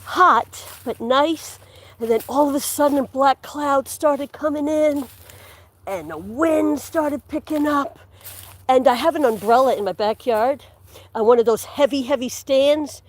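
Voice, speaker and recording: A woman with a somewhat high voice talks on a livestream as she walks outdoors through the woods. She chats casually with her viewers and rambles from one story to the next. She laughs easily and sometimes drops to a whisper. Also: a little slow. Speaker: livestream host. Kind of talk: casual chat while walking outdoors.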